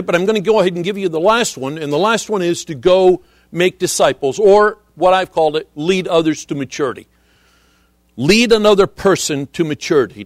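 Earnest higher-voiced man preaching. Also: no room sound, clean studio sound. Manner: earnest, measured preaching with scripture quotes. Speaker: missionary preacher. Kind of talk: sermon.

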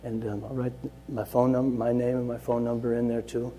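A man who leads Bible study at a juvenile center, giving an earnest personal testimony that moves between quiet and loud, lively telling. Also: medium pitch, a little fast, slight background noise. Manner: earnest storytelling, swings from soft to loud and lively.

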